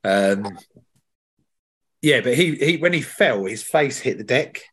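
Man, podcast host, mid pitch, casual slangy storyteller. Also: expressive, takes it slowly, a bit bright, breathy edge. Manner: chatty storyteller, swears, slangy. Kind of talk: casual chat.

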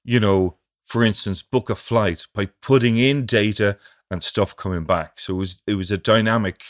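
A middle-aged man co-hosting a podcast in casual chat. He speaks haltingly and repeats words as he works through his thoughts. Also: lowish voice. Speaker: podcast co-host.

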